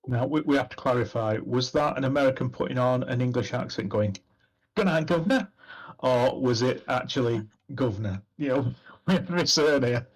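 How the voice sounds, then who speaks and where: Husky male player firing off questions. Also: mid-range voice, poor audio. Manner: quick, joking questions. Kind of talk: casual game chat.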